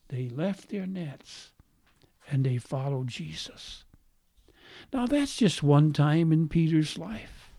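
Slow, mellow preacher with a faint brogue. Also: male voice, on the high side, gravelly, no echo, clean studio sound. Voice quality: slight leftover speech impediment, a faint brogue-like sound. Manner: earnest preaching, repeats phrases for emphasis, asks the congregation questions. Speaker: pastor. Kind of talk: sermon.

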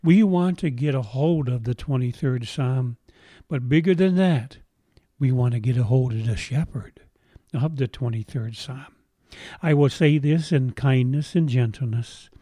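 A man preaching a sermon, telling a story gently and slowing down to stress lines of scripture. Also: mid-range voice, no room sound, studio quality. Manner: slow deliberate emphasis on scripture, gentle storytelling. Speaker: pastor.

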